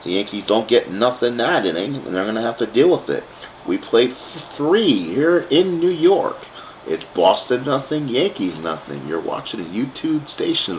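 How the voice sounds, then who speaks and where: Animated man calling a tabletop baseball game. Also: mid-range voice, unhurried, a little hiss or hum. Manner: animated, rambling asides to live chat. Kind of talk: play-by-play commentary of a dice game.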